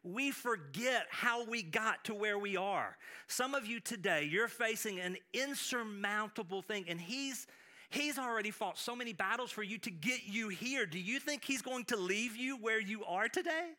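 A man preaching a sermon as pastor, animated, with frequent restarts and acted-out quotes. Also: sits high, moderate pace.

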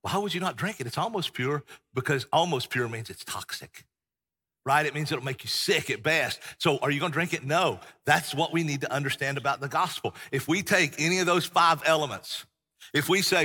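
Passionate middle-aged pastor. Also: male voice, a little high, animated, a little fast, sharp tone, slightly rough. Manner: passionate, folksy, emphatic preaching. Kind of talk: sermon. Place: church sanctuary. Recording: long church-hall reverb.

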